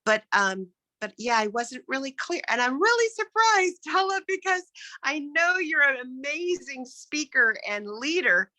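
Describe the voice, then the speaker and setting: A woman on a video call giving candid, friendly speech feedback, pausing with fillers. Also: high voice, big pitch swings, pushed and bright, no echo. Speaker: speech evaluator.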